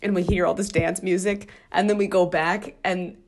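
A woman co-hosting a podcast, chatting casually about a movie, laughing often and talking in an animated way. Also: on the low side, normal speed. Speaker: podcast co-host.

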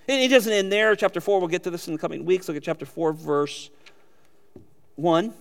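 A man's voice: high-pitched, brisk, vocal fry, a bit bright, in a large hall. A man preaching a sermon as pastor, animatedly acting out quoted lines and chuckling often.

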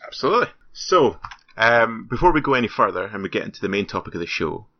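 A man's voice: fairly low pitch, sing-song, fast talker, slight background noise. A man co-hosting a gaming podcast in a loose, rambling way, full of fillers. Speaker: podcast co-host. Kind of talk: casual podcast chat. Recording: dry, slightly muffled sound.

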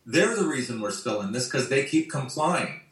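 A man's voice: medium pitch, animated, normal speed, a bit bright. A man ranting bluntly and profanely in a casual video-call conversation. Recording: roomy sound, distant from mic.

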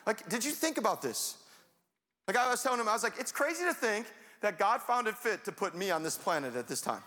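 A young man preaching a sermon in a lively, conversational way, now and then rising to a shout. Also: high-pitched, a little fast. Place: church sanctuary. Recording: long hall reverb.

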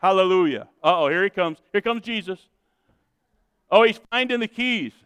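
A male pastor preaching a sermon with lots of energy, moving between loud shouted calls and quiet asides to the congregation. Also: high-pitched, expressive, normal speed, smooth, no echo, big-room sound. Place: church sanctuary with congregation.

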